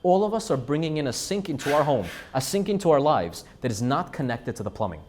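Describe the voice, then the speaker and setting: A man giving an animated, emphatic sermon and repeating phrases for effect. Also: fairly high pitch, quick pace. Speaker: Jewish speaker. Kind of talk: storytelling sermon.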